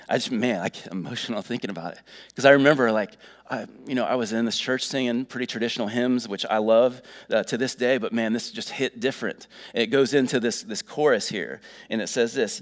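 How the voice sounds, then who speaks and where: A man's voice: lowish voice, brisk. A middle-aged man preaching a sermon in a folksy, earnest way, full of fillers. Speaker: pastor.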